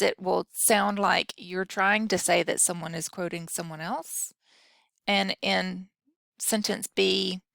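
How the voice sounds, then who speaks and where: A woman's voice: medium pitch, gravelly, a bit bright, no echo, studio quality. A woman instructor giving a recorded grammar lesson, explaining patiently and talking through example sentences aloud.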